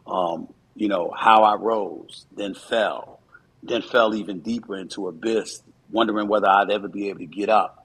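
A man's voice: low-pitched, fairly bright tone, husky, rough recording. A man in his fifties, a commentator, giving earnest, reflective interview answers with frequent fillers.

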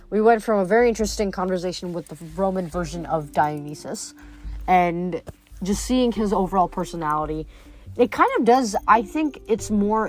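A young woman reading a novel aloud, then chatting casually about it with fillers. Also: on the low side. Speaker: reader.

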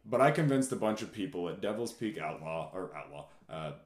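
A man guesting on a podcast, telling stories in a lively, laughing casual chat. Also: deep voice, a little fast, reverberant. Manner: animated, laughing, shouts out catchphrases.

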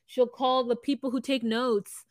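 A woman co-hosting a podcast, recapping a reality show in casual chat, animated and laughing often, acting out quotes in voices. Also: a little high, measured pace, dry recording, studio quality. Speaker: podcast co-host.

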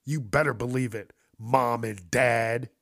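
A man's voice: mid-range voice, unhurried, a bit bright, dry recording, studio quality. A man voicing an indignant grown son who swears as he demands his things back. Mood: furious. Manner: indignant, profane.

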